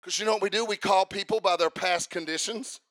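A man preaching a sermon, fervent, building up to shouting and sing-song chanting. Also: high-pitched, fairly even intonation, a little fast, no room sound.

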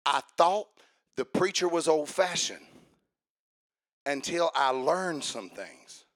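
A man preaching a fiery sermon, swinging from hushed asides to shouted emphasis. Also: a little high, expressive, slow.

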